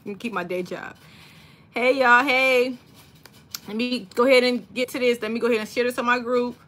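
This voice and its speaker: A woman's voice: fairly high pitch, fairly even intonation, a little fast, a bit bright. A woman hosting a casual craft livestream from home, chatty and greeting viewers one by one by name. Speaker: livestream host.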